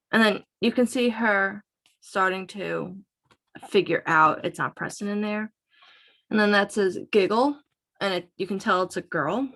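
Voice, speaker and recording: A woman's voice: medium pitch, a little slow, fairly bright tone. A woman reading a graphic novel passage aloud and explaining it. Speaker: reader presenting a book.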